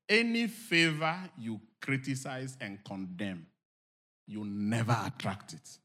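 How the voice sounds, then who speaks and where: Bright-voiced preacher man, lively swings. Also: takes it slowly. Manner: swings from low murmurs to loud shouted exhortations; acts out quoted inner voices. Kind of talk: sermon.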